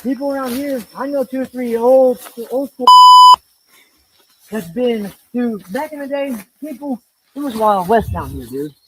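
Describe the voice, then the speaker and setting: A man's voice: very high voice, lively intonation, unhurried, heavy background noise. A man, casually rambling as he walks and guides someone through rural woods outdoors. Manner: rambling, streetwise, full of fillers. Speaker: local guide. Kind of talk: casual chat while walking.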